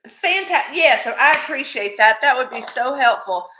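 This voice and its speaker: A woman's voice: sits high, animated, moderate pace, bright, forceful tone, roomy sound. A woman hosting a live jewelry sale stream, chatty and affectionate with her viewers, calling them sweetie. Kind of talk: live-stream selling chat.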